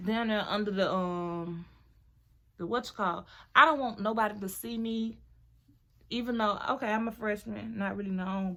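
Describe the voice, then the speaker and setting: Young woman vlogger, bright forward voice, animated storytime chat at home. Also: mid-range voice. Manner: chatty, animated, talks to viewers as "girl". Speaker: beauty vlogger.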